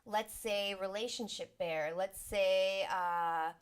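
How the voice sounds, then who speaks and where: A sound healer, a woman, gives a relaxed and chatty teaching talk on energy and the mind, sometimes acting out inner voices with sighs and exclamations. Her voice is medium in pitch, slow, and clean in tone.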